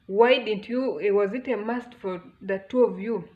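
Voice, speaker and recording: A woman's voice: medium pitch, moderate pace, highs cut off, close to an everyday voice. A woman with a Kenyan accent voicing a pushy, judgmental woman passenger who lectures and scolds. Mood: scolding.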